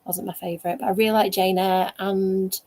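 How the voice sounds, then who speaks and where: A woman author chatting over a video call, animated and laughing as she tells stories. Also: medium pitch, brisk. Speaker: guest author. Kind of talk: casual video chat.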